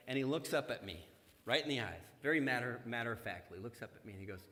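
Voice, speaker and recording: A man's voice: medium pitch, animated, quick pace, bright, forceful tone. A middle-aged male pastor preaching a sermon in a church sanctuary, mixing scripture with humorous personal stories in a conversational way. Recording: long church hall reverb.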